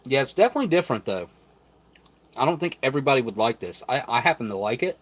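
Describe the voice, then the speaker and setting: A man's voice: mid-range voice, very animated, fast talker. A man hosting a live stream, chatting casually as he opens packaging and tastes food, thinking aloud and sometimes talking with his mouth full. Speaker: channel host reviewing rations.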